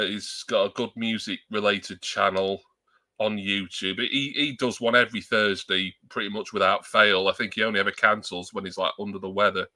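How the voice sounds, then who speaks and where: A man rambles through a casual live-stream chat, poking fun at himself as he goes. His lowish voice has a bright, pressed edge, and it comes across close and dry at his home desk mic. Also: dry recording. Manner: rambling, self-deprecating, joking. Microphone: new external desk mic.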